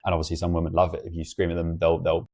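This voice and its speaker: Brief: young host, very low mellow voice, rapid chatty delivery. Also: male voice, monotone. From England. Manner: chatty, lots of fillers, quick storytelling. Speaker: podcast host. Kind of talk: casual interview chat.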